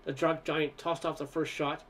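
A man narrating a first-person story aloud in a relaxed, conversational way. His voice is pitched a little high, and he sometimes trips over a word. A faint hum of ambience sits under the reading. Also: normal speed. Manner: conversational, with occasional stumbles.

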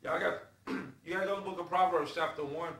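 High, bright-voiced preacher man, roomy sound. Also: fairly even intonation, a little fast. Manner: emphatic, swings between loud and soft. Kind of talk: sermon. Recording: echoey room from far off.

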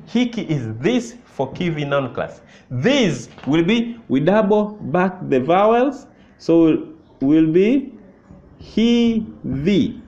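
A man's voice: fairly high pitch, very animated, darkish tone. A man with a Tanzanian accent teaching a language lesson, patient and repetitive, often checking with "you see that?". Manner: slow, patient, repeats phrases and asks "you see that?". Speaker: Swahili teacher. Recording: muffled lo-fi recording.

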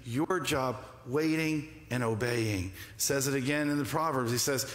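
A man's voice: mid-range voice, moderate pace, hardly any pauses. Preaching man in an echoey church. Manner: call-and-response preaching, rising emphatic delivery. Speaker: pastor. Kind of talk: sermon. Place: church sanctuary.

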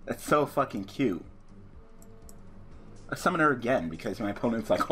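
A man's voice: medium pitch, big pitch swings, normal speed, long pauses, a bit bright. A young man casually commenting on his own card game duel, profane and rambling, breaking into angry rants and restarting his sentences. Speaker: gaming YouTuber.

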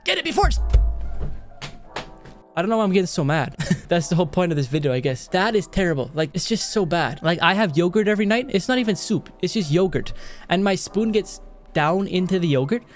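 A man chats casually into a headset mic while reacting to clips. He talks with lively, swooping pitch and exasperated outbursts broken up by laughs. Faint music plays underneath. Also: quick pace. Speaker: reaction video host. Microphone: headset microphone.

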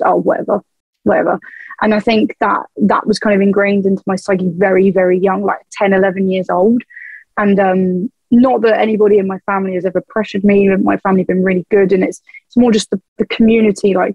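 A woman's voice: mid-range voice, no echo, muffled recording. A young woman, a band's vocalist, chatting frankly as a podcast guest, laughing often and swearing casually. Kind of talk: casual chat.

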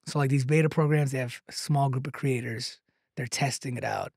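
A man, a comedian and content creator, telling a long anecdote in a podcast chat, animated and tagging lines with "right?", laughing now and then. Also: mid-range voice, a little fast, creaky, slightly rough, no echo, studio quality. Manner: laughs through his own story.

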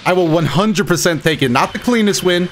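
A man giving live commentary on his own fighting-game matches, excitable, swinging between muttering and shouting, his throat a bit rough. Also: high-pitched, fairly quick, over music. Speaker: gaming YouTuber.

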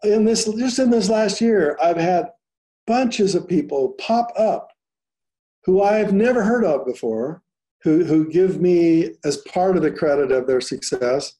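A man speaks very slowly in a mellow, dark tone, and his voice sits slightly high for a man. He is an author who talks reflectively and humbly in a relaxed conversation. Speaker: author interviewing the host.

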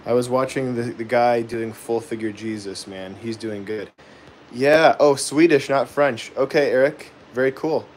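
A man hosts a live woodcarving demonstration, talking at an ordinary middle pitch. He thinks out loud, stalls on fillers and pauses, and keeps breaking into self-deprecating chuckles while answering viewer comments. A faint hiss sits under his voice. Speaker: woodcarving livestream host. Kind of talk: live carving demo, chatting with viewers.

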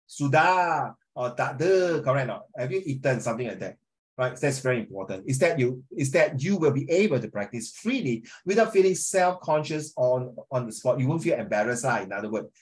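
A man teaching a language class in colloquial English, keeping it lively and checking with tag questions that his students follow. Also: medium pitch, a little fast. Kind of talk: informal classroom lecture.

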